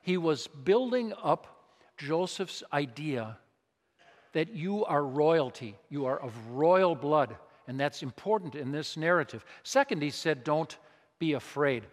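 A slightly high-voiced man preaches a sermon at a measured pace with lively intonation. He's conversational and emphatic, posing rhetorical questions to his congregation, while the long reverb of a large hall surrounds him.

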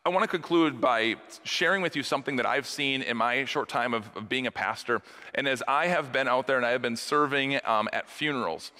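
A man, a pastor, preaching an earnest funeral-themed sermon that swings between soft, slow passages and emphatic rises. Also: medium pitch. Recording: long hall reverb.

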